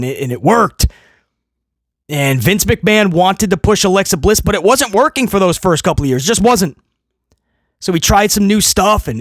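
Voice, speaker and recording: A man reviewing a wrestling show in casual commentary, animated and full of mocking asides and quick impressions. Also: sits high, no room sound.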